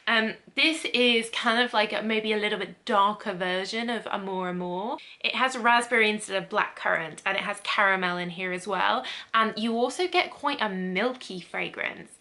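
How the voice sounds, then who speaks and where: A woman's voice: medium pitch, normal speed, few pauses, sharp tone. A young woman chatting casually through a perfume review, describing scents with frequent ums. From England. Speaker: beauty vlogger.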